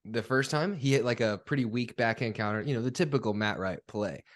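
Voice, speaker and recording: A young man hosting a podcast, talking casually in a relaxed, rambling, self-deprecating way. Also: medium pitch, a little fast, dry recording. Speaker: podcast host. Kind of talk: casual chat.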